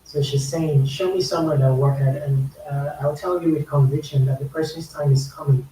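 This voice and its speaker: A man's voice: fairly high pitch, fairly even intonation, normal speed, mellow. Nigerian man explaining slang in an echoey room. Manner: explains slang patiently, repeats phrases for emphasis. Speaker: YouTube music reaction host. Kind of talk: casual explanatory commentary. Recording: echoey room, mic a bit far, faint hiss.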